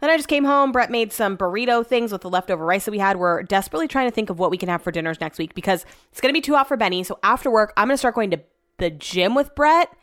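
A woman's voice: medium pitch, expressive, quick pace. A young woman at home chatting casually through a rambling storytime vlog, frank and loose with swearing. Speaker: vlogger. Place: home, indoors.

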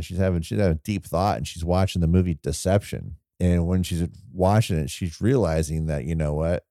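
A man with a very low, mellow voice talks through a movie in loose, rambling podcast chat. He retells scenes with quoted asides and laughs, recorded close and dry. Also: no echo. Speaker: podcast co-host. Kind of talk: casual film discussion.

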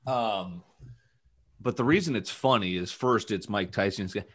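A man's voice: fairly low pitch, measured pace, breathy edge, no echo, clean studio sound. A man hosting a casual podcast, rambling with jokes and many fillers. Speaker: podcast host.

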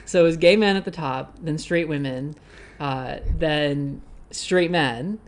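A man who makes online videos, guesting on a casual podcast, relaxed, joking and frank, picked up quietly by a shared mic beside him. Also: a little high, slow. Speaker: guest, YouTuber. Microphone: shared desk mic, off to the side. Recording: quiet and set back from the mic.

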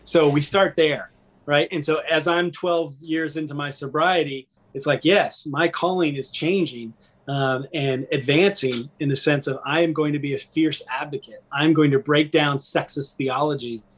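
A middle-aged man and former pastor talking candidly as a podcast guest, earnest and animated, often checking in with "right?". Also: fairly high pitch, moderate pace. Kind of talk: candid conversational interview.

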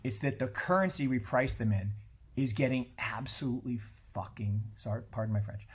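A middle-aged man speaks as a podcast guest in an easy, unscripted conversation. His voice sits in an ordinary middle pitch, and he talks in a blunt, animated way, swearing freely and tripping over restarts as his thoughts rush ahead. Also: brisk, husky. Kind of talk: casual conversation.

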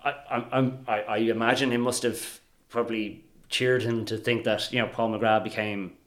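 A man speaking as a guest in a casual discussion, measured and careful with hedges. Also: medium pitch, flat delivery. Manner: measured, hedging.

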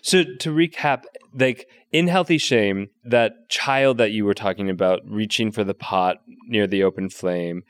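A man with a fairly low voice hosts a relaxed interview, thinking out loud and ready with a joke. His voice is recorded dry and close, with no room sound. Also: a little slow, hardly any pauses, clear, resonant tone, no echo. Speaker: podcast host. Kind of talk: conversational interview.

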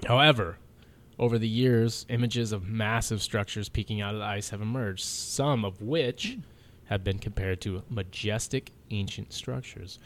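Male podcast host, low, relaxed, jokey note-reader, faint background hiss. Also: unhurried. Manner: laughing, swearing, loose narration. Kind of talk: casual chat, reading notes.

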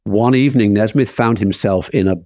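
A man's voice: lowish voice, a little fast, dry recording, clean studio sound. A man, a film writer and director, telling anecdotes as a guest in an interview and acting out the people in them. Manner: lively storyteller who acts out the people in his anecdotes. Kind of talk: anecdotal storytelling in conversation.

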